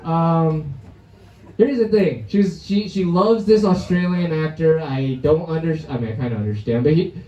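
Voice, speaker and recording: A man's voice: on the high side, normal speed, dark tone, muffled recording. Brash young man doing stand-up. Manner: brash, crude, laughing at his own jokes. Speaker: stand-up comedian. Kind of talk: stand-up set at an open mic. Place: comedy club stage. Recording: roomy live club sound from a distance.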